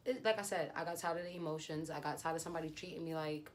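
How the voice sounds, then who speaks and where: A young woman vlogger telling a personal story in a lively, slangy, casual way. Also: sits low, rapid-fire, few pauses, noisy background. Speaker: beauty vlogger. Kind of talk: storytime vlog.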